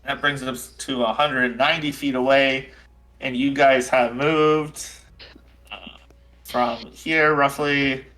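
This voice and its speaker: A man running a tabletop session, narrating distances and dice results in an offhand, conversational way. His voice is bright and forward, and his pitch sits in the middle range. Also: fairly even intonation, takes it slowly. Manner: casual, fillers, counting out dice rolls. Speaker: game master.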